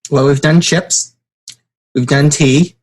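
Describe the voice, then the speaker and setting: A man's voice: on the high side, steady tone, slow pace, breathy edge. A man hosting a podcast in casual chat, playful and teasing with his guest. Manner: playful, teasing, jumps into silly voices. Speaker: podcast host.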